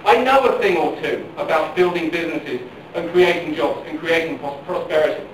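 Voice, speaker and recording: A man's voice: fairly high pitch, moderate pace. A middle-aged man giving an impassioned political speech at a public forum, repeating questions and phrases for emphasis. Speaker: campaign speaker at a public forum. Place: large public hall during a power failure. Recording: very echoey hall, picked up from far off, faint noise.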